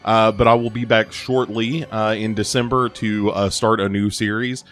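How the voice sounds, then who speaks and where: A man's voice: on the low side, little pitch movement, normal speed, a bit bright, soft background music. A man hosting a podcast, wrapping up the episode in a chatty way, with many fillers. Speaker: podcast host. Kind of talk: casual podcast outro.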